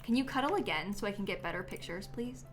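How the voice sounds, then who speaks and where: A woman's voice: mid-range voice, animated, fast, soft background music. A woman streaming a life-sim game live, chatting casually with many ums and likes and giggling now and then.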